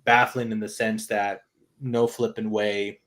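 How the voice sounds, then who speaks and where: A man's voice: lowish voice, level tone, measured pace, a bit bright, a little hiss or hum. A man co-hosting a casual football podcast, talking bluntly and swearing freely as he chats. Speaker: podcast co-host. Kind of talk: casual chat.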